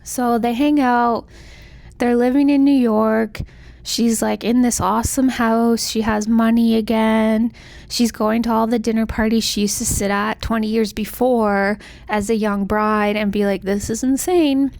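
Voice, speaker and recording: A woman's voice: fairly high pitch, flat delivery, measured pace, gravelly, a little mellow, dry recording. Chatty young woman recapping a book. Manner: chatty, lots of "like", acts out characters' lines. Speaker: book vlogger.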